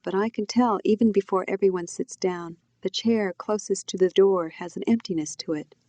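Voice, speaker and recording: A woman, the author, reading her own novel aloud in a quiet, reflective first-person telling. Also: medium pitch, moderate pace, no echo. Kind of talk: audiobook narration.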